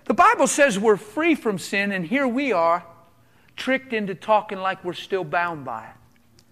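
A man preaching a sermon in a church, impassioned, asking rhetorical questions and swinging between loud and hushed delivery. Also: high voice, very animated, measured pace.

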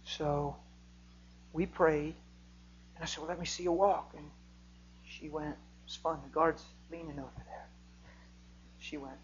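A man preaching a sermon, telling a healing story and rising to near-shouting when he gets excited. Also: on the high side, unhurried, pauses often, muffled recording, slight background noise.

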